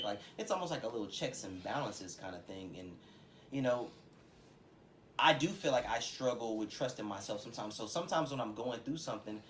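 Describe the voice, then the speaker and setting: A man co-hosting a podcast, talking in loose slangy style. He jumps into his friends' voices now and then, his pitch swinging up and down. A faint hiss sits under his voice. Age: adult, has a son. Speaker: podcast co-host. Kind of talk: casual podcast chat. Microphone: podcast microphone.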